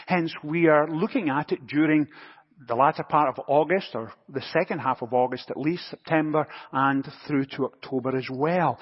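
Husky-voiced pastor in a reverberant church. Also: male voice, a little high. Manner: anecdotal, gently humorous storytelling. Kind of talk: sermon. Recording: dull recording with long church reverb.

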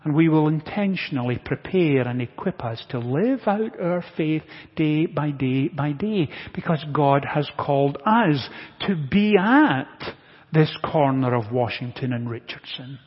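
High-voiced pastor in an echoing sanctuary. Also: male voice, animated, measured pace, breathy edge. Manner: earnest, builds to emphatic repetition. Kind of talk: sermon. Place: church sanctuary. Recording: dull lo-fi audio with long church reverb.

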